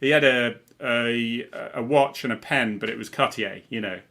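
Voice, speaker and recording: A man's voice: mid-range voice, normal speed, bright, forceful tone. A middle-aged man from Cornwall, co-hosting a casual chat over a video call, rambling and chuckling as he corrects himself. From Cornwall, England. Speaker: co-host, former police officer.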